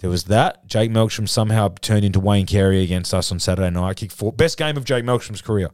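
A man's voice: fairly low pitch, fast talker, a little mellow, dry recording. An Australian man in a casual podcast studio chat, telling a rambling, sweary story. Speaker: podcast co-host.

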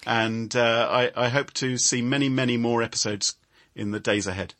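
A man's voice: mid-range voice, fairly even intonation, moderate pace, a bit bright. A man from the United Kingdom, a podcast guest, chatting in a friendly and jokey way. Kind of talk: friendly remote interview chat.

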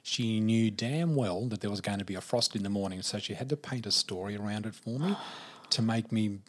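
Husky-voiced Australian man telling stories. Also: on the low side. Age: 50s. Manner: unhurried, vivid storyteller. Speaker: podcast guest. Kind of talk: personal storytelling.

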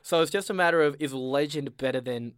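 A man's voice: a little high, brisk, smooth, no room sound. Laid-back Australian man, dry mic. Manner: laid-back, rambling and joking. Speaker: podcast co-host. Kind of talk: casual podcast banter.

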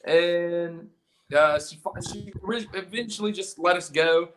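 His voice is high and fairly bright, and he takes his time; slight background noise is audible. He's a South Carolina man who sings and plays guitar in a punk band, telling a profane, rambling story with lots of restarts as a podcast guest.

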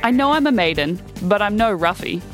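A woman's voice: mid-range voice, expressive, a little fast, over music, natural voice. Aussie lady doing a stubborn horse-crazy girl, spirited, storybook style. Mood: pleading. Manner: spirited, pleading. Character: determined horse-mad Australian girl.

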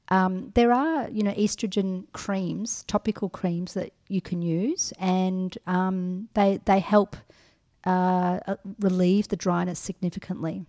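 A woman's voice: mid-range voice, warm tone. A middle-aged woman co-hosting a podcast, giving frank advice in a casual chat with many ums and restarts. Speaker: podcast co-host.

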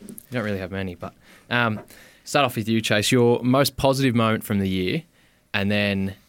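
A man's voice: fairly low pitch, normal speed, clear, resonant tone. Teasing Australian young man host. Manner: teasing, bantering. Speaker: podcast host. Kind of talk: casual podcast interview.

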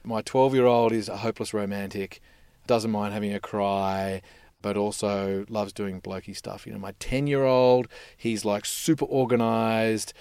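A man's voice: fairly low pitch, little pitch movement, measured pace, darkish tone, smooth, no echo, clean studio sound. A man on a podcast panel, telling stories about his sons in a reflective, rambling way. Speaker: podcast guest, voice-over artist. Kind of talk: casual panel chat.

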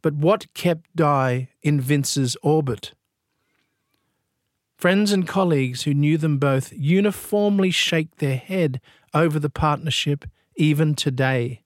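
Grave and deliberate, a man narrates a true-crime story at a slow pace with a slightly raised pitch. The sound is dry and close, with no room sound.

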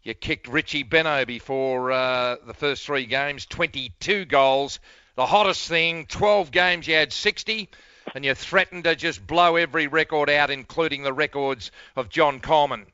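A man's voice: fairly high pitch, moderate pace, pushed and bright, clean tone, no room sound, dull audio. An older man with an Australian accent, hosting a radio sports interview with showy broadcaster patter. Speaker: radio host.

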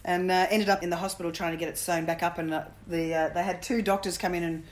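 A former cricketer turned coach, middle-aged, appears as a guest and spins quick, humorous anecdotes in an easygoing chat. Her lowish voice comes across flat.

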